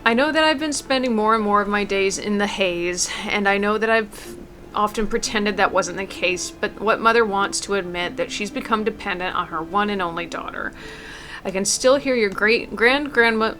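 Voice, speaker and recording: A woman reading aloud as an elderly mother, gentle and tender, with small stumbles. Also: medium pitch, natural voice. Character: elderly mother writing a farewell letter. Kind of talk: reading a game letter aloud.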